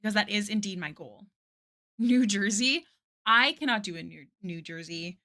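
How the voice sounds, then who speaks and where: Woman, live art streamer. Bright, chatty, casual, talks to chat while working. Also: medium pitch, lively intonation, normal speed. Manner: chatty, answers chat, many "like" fillers.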